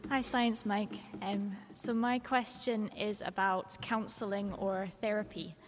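A woman asks a question at a live event in a large church. Her thoughtful, hesitant speech rings with long reverb, and her pitch is mid-range for a woman. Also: fairly even intonation, takes it slowly, over loud music. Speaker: audience member asking a question.

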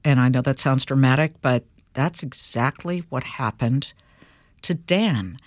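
A woman hosting an interview podcast, talking lively and directly to her listeners. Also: low-pitched, no echo, studio quality. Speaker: podcast host. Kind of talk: host interview and read ad.

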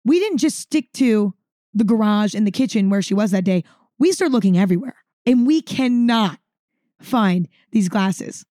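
A woman with a medium-pitched voice hosts a podcast, telling a story at normal speed in a chatty, animated way and saying "like" often. The audio is studio quality with no echo.

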